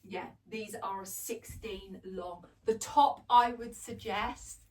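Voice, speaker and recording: Taking it slowly in a medium-pitched, fairly even voice, a middle-aged fashion vlogger chats through a try-on haul indoors at home. She gushes over the clothes, laughs often, and jokes at her own expense, all picked up by a distant mic.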